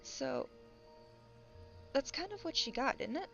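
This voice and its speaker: A woman's voice: high-pitched, big pitch swings, gravelly, a bit bright. A woman chatting casually while she draws, rambling and laughing often as she talks. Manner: rambling, laughs often, acts out quick voices. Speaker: content creator. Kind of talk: casual chat while drawing. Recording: dull lo-fi mic with faint background music.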